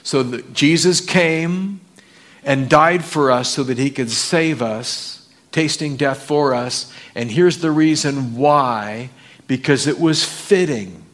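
A man's voice: medium pitch, slow pace. A man preaching a sermon, reading scripture aloud and asking the congregation questions. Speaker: pastor.

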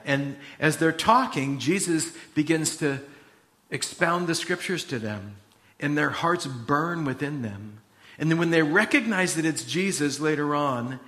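A man preaching, reading scripture aloud and then retelling the story in a casual, animated way. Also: on the high side. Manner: animated storytelling, retelling scenes in quoted voices. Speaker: pastor.

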